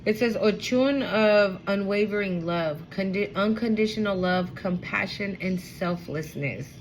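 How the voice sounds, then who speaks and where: A woman's voice: mid-range voice, measured pace, a little hiss or hum, poor audio. A woman giving a casual, emotional spiritual card reading to her viewers, repeating herself and swearing now and then. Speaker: tarot reader.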